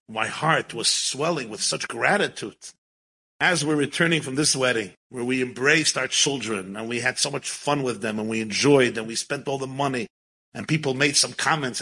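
Guy telling a long story w/ words mixed in, bright and kinda husky. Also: mid-range voice, rough recording. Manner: animated, mixes Yiddish and Hebrew words into English. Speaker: rabbi and storyteller. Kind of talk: storytelling talk.

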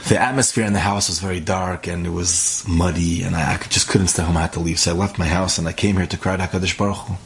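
A man's voice: low-pitched, steady tone, fast, gravelly, few pauses. A man telling a story in a casual, conversational way, acting out what each character says. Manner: conversational, acts out the characters' dialogue.

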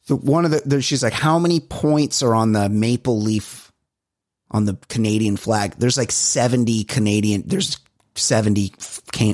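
Animated, profane male podcast co-host. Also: medium pitch, dry recording, studio quality. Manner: animated, profane, exasperated storytelling. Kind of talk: casual chat.

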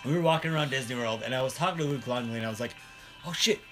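A man's voice: mid-range voice, very fast, a bit bright, soft background music. Laughing, rambling podcast guy. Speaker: podcast co-host. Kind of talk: casual chat.

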